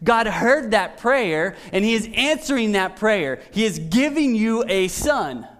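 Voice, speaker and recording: Brief: a raised-pitch excited male angel played by a preacher, emphatic and eager. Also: measured pace, full character voice. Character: excited male angel bringing good news.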